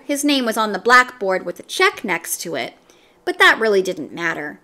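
A woman reads a children's chapter book aloud at an unhurried pace. Her voice is bright and lively, rising and falling with expression, and slightly higher than most. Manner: expressive, animated storybook narration. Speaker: storyteller.

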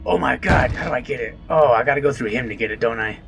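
A man's voice: mid-range voice, quick pace, gravelly, fairly bright tone, faint music behind. A man hosting a horror let's play, joking and exclaiming as he reacts to the game. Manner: jumpy, exclaiming and joking at the screen. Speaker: gaming video host.

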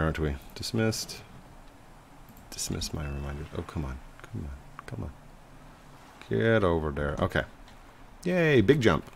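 A man in his thirties, a father, giving casual, chatty commentary over his gameplay. He laughs often and bursts into high, excited yells. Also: a little hiss or hum. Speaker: gaming YouTuber.

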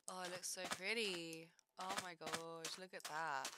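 A young woman doing casual gameplay commentary, chatting to the game's creatures and breaking into loud outbursts. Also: fairly low pitch, fairly even intonation, measured pace, heavy background noise. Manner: chatty, talks to game mobs, bursts into loud yelps. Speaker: gaming video creator. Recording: loud game music behind. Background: game music.

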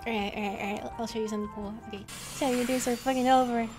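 A woman's voice: a little high, fairly even intonation, rapid-fire, over loud music. A young woman joking around goofily and laughing often while playing a co-op horror game. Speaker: co-op horror gaming streamer. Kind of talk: casual gaming banter.

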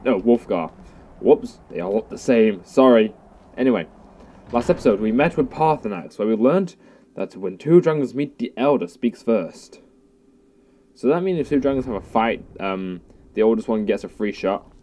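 A man's voice: medium pitch, lively intonation, moderate pace, warm tone. A young man giving casual, goofy, self-mocking let's play commentary. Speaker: gaming youtuber.

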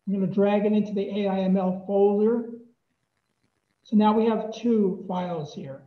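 A presenter giving a relaxed, chatty tech demo at a club meetup. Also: mid-range voice, moderate pace. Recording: echoey, dull room mic.

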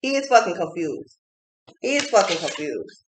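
A woman's voice: on the low side, sing-song, normal speed, background noise. A woman giving a casual tarot reading, talking bluntly with lots of swearing and repeating phrases for emphasis. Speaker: tarot reader. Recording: echoey room.

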